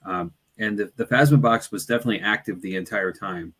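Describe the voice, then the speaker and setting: A man's voice: on the low side, a little fast, a bit bright, slightly rough. A man who investigates the paranormal, recounting his night in a hesitant, casual way with frequent restarts. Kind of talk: casual podcast chat.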